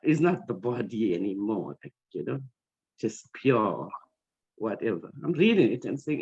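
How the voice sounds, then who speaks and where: A woman's voice: extremely low pitch, big pitch swings, moderate pace, a little mellow, breathy edge. A woman tells a long personal story over a video call, wandering through it with constant fillers and restarts. Her voice comes through dull and lo-fi, the typical muffled sound of call audio. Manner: rambling, with many fillers and restarts. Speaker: meeting participant.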